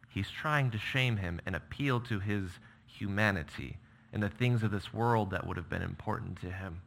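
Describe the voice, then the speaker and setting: A man's voice: fairly low pitch, moderate pace, gravelly, a bit bright, a little hiss or hum. A man preaching a sermon, reading scripture with emphatic, dramatic delivery. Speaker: pastor.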